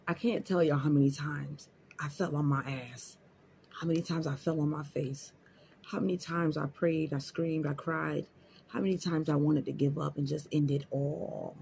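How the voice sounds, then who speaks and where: A man's voice: fairly high pitch, fairly even intonation, moderate pace, vocal fry, slight background noise. A man giving an emphatic, repetitive motivational talk to his viewers, speaking. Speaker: motivational vlogger. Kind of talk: casual motivational talk to camera.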